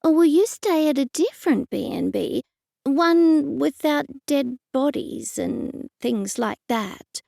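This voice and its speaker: A woman's voice: sits high, normal speed, mellow, dry recording, clean studio sound, voice pushed up. A woman voicing an uncertain, fussing older aunt who trails off as she speaks, in an audiobook.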